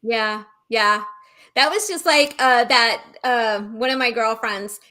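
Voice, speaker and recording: A woman co-hosting a casual spiritual chat, telling stories in a chatty, animated way. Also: on the high side, slow pace. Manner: chatty storyteller, animated, laughs often. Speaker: show co-host.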